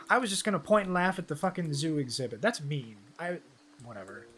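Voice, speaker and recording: A man with a slightly high voice rambles through a game stream, swearing freely. He drifts from joke to joke and gets easily delighted. Faint music hums behind him. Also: fairly quick, fairly bright tone. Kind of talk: casual live-stream commentary.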